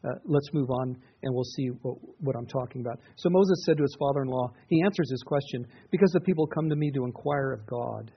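A man's voice: mid-range voice, fairly quick, hardly any pauses, slightly rough. A middle-aged man preaching a sermon in an earnest, conversational way, often restarting his sentences. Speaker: pastor. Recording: dull, muffled lo-fi recording.

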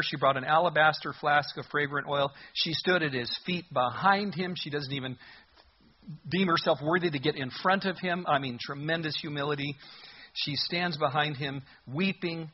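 A man preaching a sermon as a pastor, expressive and full of rhetorical questions, on a muffled lo-fi recording. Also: fairly high pitch, slight background noise.

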